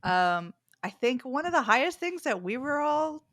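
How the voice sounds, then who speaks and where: A woman's voice: high-pitched, big pitch swings, moderate pace, a bit bright, dry recording, clean studio sound. A woman hosting a gaming podcast, steering the chat in an upbeat way. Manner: upbeat, leads the talk. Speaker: podcast host. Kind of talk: casual chat.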